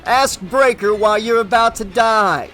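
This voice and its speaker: A man voicing a gleeful, cruel demonic salesman who mocks and shouts at his victims, in an audiobook reading. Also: sits high, lively intonation, measured pace, over loud music, pitched above the performer's own voice. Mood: raging. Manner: shouting, taunting, mock southern drawl at times.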